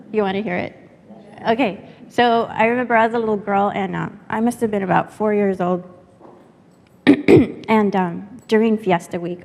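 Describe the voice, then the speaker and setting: A woman from San Antonio, a native Spanish speaker, lively and chatty as she tells stories to a workshop audience. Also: medium pitch. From San Antonio, Texas. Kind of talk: storytelling to an audience. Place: workshop room. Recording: echoey hall.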